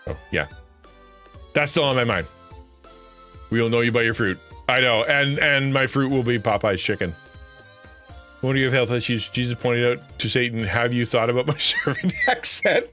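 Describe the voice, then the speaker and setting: A man streaming and chatting casually with viewers, rambling and correcting himself, often jumping up into an excited high voice. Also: moderate pace, long pauses, faint music behind. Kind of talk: casual chat.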